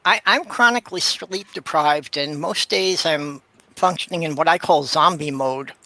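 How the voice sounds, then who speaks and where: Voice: mid-range voice, normal speed, pushed and bright. A speaker in a casual chat, talking in a wry, matter-of-fact way.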